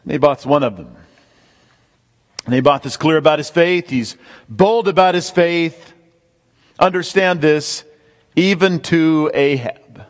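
A man's voice: on the high side, slow, long pauses. A man preaching a sermon, emphatic, repeating key points and speaking straight to the congregation. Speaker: pastor. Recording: long hall reverb.

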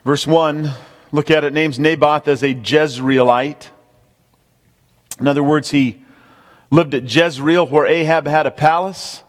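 A man's voice: a little high, steady tone, measured pace, long pauses. A man preaching a sermon, emphatic, repeating key points and speaking straight to the congregation. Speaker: pastor. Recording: long hall reverb.

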